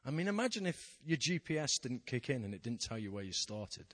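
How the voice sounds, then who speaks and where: A man's voice: mid-range voice, very animated, brisk, a bit bright. A man, a pastor, preaching a sermon in an anecdotal, self-deprecating storytelling manner. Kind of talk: sermon with personal stories.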